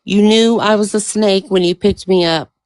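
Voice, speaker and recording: A woman's voice: mid-range voice, fairly even intonation, normal speed, darkish tone, no echo, natural voice, rough recording. A woman voicing a deceitful snake in a fable, with a whiny, pleading delivery. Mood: smug.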